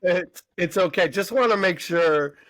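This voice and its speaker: A man's voice: high voice, measured pace, no echo, studio quality. A man hosting a podcast, telling a story in casual chat and acting out the people in it. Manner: animated anecdote teller, mimics voices in quotes. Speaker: podcast host.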